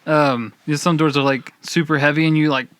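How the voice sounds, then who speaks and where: A man's voice: on the high side, fairly even intonation, brisk, a bit bright, smooth. A man co-hosting a casual podcast chat, joking and rambling with restarts. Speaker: podcast co-host.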